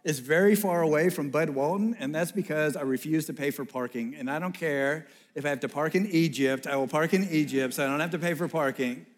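Pastor telling a sermon story, a man with a somewhat high voice, animated and conversational. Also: fairly quick, few pauses. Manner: animated, acts out the people in his story.

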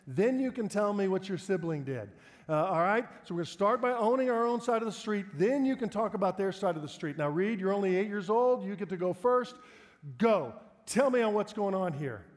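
A middle-aged male pastor with a notably high voice, preaching in a relaxed, conversational way and poking fun at himself as he tells stories. His words ring out with a long reverb, as in a large church hall. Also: a little fast. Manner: conversational, self-deprecating storyteller, breaks into laughter. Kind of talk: sermon with personal storytelling.

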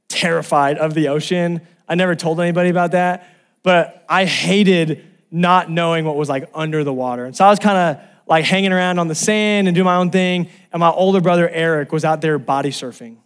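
A man from Los Angeles preaching a sermon, telling a personal story and rising to loud exclamations. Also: fairly high pitch. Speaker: pastor.

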